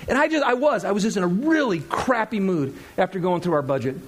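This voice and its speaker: A middle-aged man preaching a sermon in a church, conversational and animated, laughing often and acting out quotes. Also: high-pitched, a little fast, noisy background. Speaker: pastor. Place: church sanctuary.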